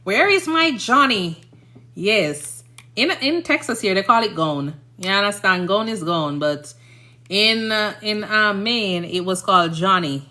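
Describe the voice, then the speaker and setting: A woman's voice: mid-range voice, lively intonation, unhurried, sharp tone. A woman from Jamaica with a Jamaican accent, a nurse chatting casually on a livestream, rambling and often checking "you understand?".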